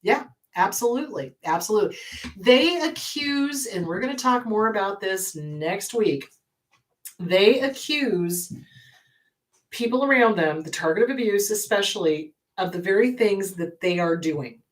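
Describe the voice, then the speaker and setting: A woman's voice: mid-range voice, expressive, unhurried, far from the mic. A woman therapist hosting an advice show, answering viewer questions in a blunt, emphatic way and repeating her key advice.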